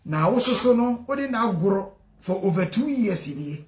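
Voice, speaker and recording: A man hosting a call-in radio show, chatting with callers in lively, laughing banter. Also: sits high, normal speed, roomy sound, a little hiss or hum. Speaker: radio host.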